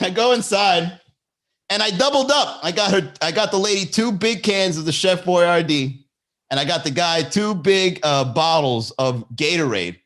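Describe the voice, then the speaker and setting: A man hosting a comedy podcast, telling a story in a loose monologue and jumping into high voices for the people in it. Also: normal speed. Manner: animated, jumps into high-pitched impressions of people in his stories.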